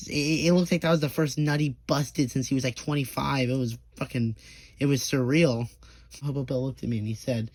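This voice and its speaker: Young man, casual storytime, profane, stammering restarts, mid pitch, dry sound. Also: fairly even intonation, a little fast, a little mellow, no echo. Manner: acts out quoted people in short bursts.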